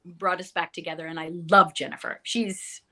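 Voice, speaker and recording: Middle-aged woman, bright voice, chatty interview guest, fillers and self-corrections. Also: fairly low pitch, fairly even intonation, normal speed. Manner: chatty, many fillers and restarts. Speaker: actress guest. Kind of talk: casual interview chat.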